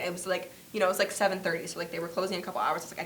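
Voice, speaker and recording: A woman's voice: medium pitch, steady tone, racing, hardly any pauses, sharp tone, slight background noise. A young woman co-hosting a podcast, chatting casually and telling a story animatedly, with lots of filler words and acted-out quotes. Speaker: podcast co-host. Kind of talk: casual chat.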